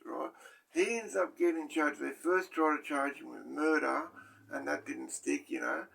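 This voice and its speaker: A man's voice: a little high, gravelly, fairly bright tone, breathy edge. An Australian man, a former prisoner, tells a story in a rambling, profane way and keeps tagging his lines with "right?". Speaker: former prisoner telling stories. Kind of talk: casual storytelling to camera.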